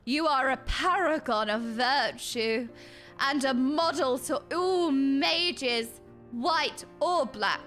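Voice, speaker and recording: A woman's voice: sits high, slow pace, fairly bright tone, faint music behind. A woman voicing an earnest, humble young male mage, reading game dialogue in a formal, flustered way.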